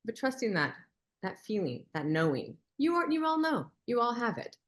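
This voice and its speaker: A woman co-presenting a webinar in a casual, lively way, telling personal stories and acting out what people said. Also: on the high side, normal speed. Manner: lively storyteller who acts out quoted lines.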